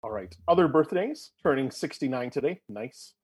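A man's voice: mid-range voice, expressive, normal speed, darkish tone, breathy edge. A man in his forties co-hosting a casual podcast chat, reading out birthdays with jokey asides. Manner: jokey, reads listings with asides.

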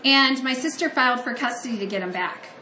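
A woman's voice: high voice, fairly quick, pushed and bright, roomy sound, slight background noise. A woman from Ohio giving a conversational, earnest sermon that mixes scripture reading with personal storytelling. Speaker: preacher.

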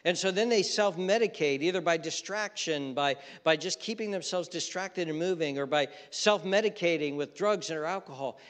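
A male pastor delivering a sermon in a somewhat high voice. He moves between loud, mocking outbursts and soft, earnest pleading. A long reverb hangs on his words, as in a large hall. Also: normal speed, few pauses.

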